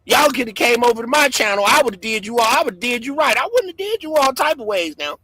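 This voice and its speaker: A man hosting a livestream, ranting loudly and excitably, swinging between shouts and mutters and laughing often. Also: very high voice, quick pace, poor audio. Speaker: livestream host. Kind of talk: animated livestream rant.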